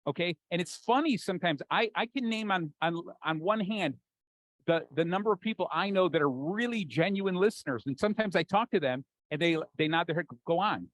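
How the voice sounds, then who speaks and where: A man with an American accent giving an animated, jokey conference talk, acting out the voices in his head. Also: high voice, brisk, no echo, poor audio. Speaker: keynote speaker. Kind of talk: conference talk to a live audience.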